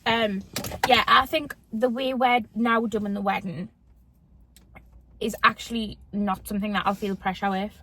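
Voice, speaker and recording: A woman's voice: mid-range voice, steady tone, a little slow, pushed and bright. A young woman with a Geordie accent, hosting a casual chat with her mother, laughing often and quoting people. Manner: chatty, laughs often, quotes people in voices. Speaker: host.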